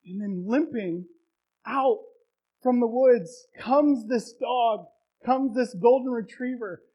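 A male pastor preaching a sermon, retelling a story with emotion and building to loud, heartfelt peaks. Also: very high-pitched, takes it slowly, low-quality recording.

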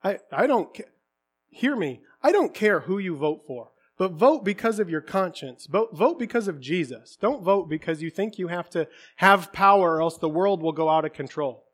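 A man preaching a sermon to his congregation, swinging from quiet, candid talk to impassioned shouting. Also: sits high, lively intonation, moderate pace. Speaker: pastor.

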